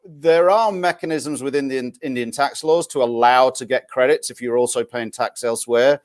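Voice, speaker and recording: On a casual live-stream chat, a guest expert with a Northern English accent, from northern England, explains tax rules. His voice is medium-pitched at a normal speed, and he often restarts as he goes.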